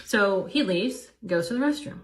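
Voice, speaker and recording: A woman's voice: mid-range voice, lively intonation, moderate pace. A woman in her fifties casually telling a story to the camera, chatty and incredulous. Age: 50s.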